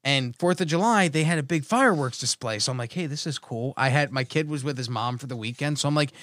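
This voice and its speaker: A man co-hosting a casual chat, telling a rambling, excitable story. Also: mid-range voice, fast talker, no echo.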